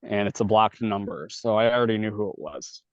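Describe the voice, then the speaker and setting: A man's voice: lowish voice, fairly quick, no echo. A man telling candid stories in a casual, profane way, acting out each side of the conversations. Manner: casual, swears a lot, acts out dialogue. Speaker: podcast guest telling his story. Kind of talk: candid storytelling. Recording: dull dry podcast audio.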